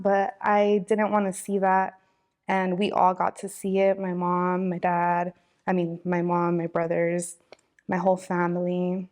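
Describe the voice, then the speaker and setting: A woman's voice: medium pitch, darkish tone. A young woman, talking casually and from the heart in an interview, with many fillers. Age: 20s. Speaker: interviewee, victim's daughter. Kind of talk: emotional personal interview.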